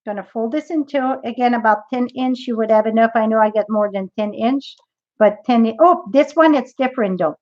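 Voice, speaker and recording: A woman's voice: a little high, a little fast, lo-fi sound. A woman demonstrating a craft project in a live tutorial, chatty and thinking aloud as she works.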